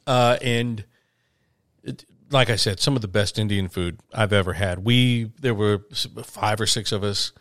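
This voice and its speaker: A man's voice: on the low side, unhurried, a bit bright, no echo, studio quality. A man telling travel stories in a casual podcast chat, rambling with lots of restarts and fillers. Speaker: podcast host, touring musician.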